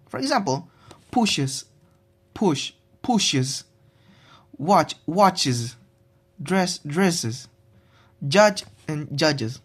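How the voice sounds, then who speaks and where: A young man giving a recorded class presentation on pronunciation. He talks haltingly, restarts often and draws out his example words. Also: on the high side. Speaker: student presenting a pronunciation assignment.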